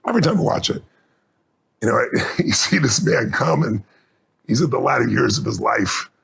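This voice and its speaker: A man's voice: medium pitch, animated, normal speed, gravelly, a bit bright, breathy edge. A middle-aged man, a guest in an interview, telling stories earnestly and intensely and choking up with emotion. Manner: earnest, intense, gets choked up. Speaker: guest speaker.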